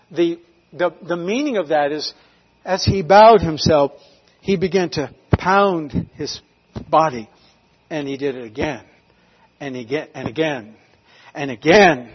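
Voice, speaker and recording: A pastor from North Carolina, preaching a sermon emphatically, rising to loud declarations and dropping to hushed lines. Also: male voice, a little high, animated, unhurried, pauses often, husky, long reverb tail. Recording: slightly dull lo-fi recording.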